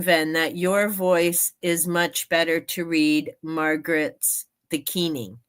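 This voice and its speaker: Slow-talking, lower-voiced woman chatting casually. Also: fairly bright tone. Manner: chatty and meandering, laughs often. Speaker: book channel host. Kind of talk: casual live-stream chat.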